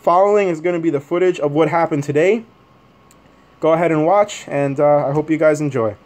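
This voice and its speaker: A man's voice: on the high side, a little fast, darkish tone. A man vlogging, telling a story to camera in a rambling, agitated way, with many fillers and restarts.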